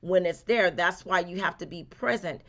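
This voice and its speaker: A woman with a lowish voice gives a casual motivational reading, speaking straight to her viewers. She repeats her phrases in a folksy, homespun way. The recording sounds dull and lo-fi. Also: moderate pace. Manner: repetitive, folksy, addresses viewer directly. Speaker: spiritual reader. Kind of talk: casual motivational talk to camera.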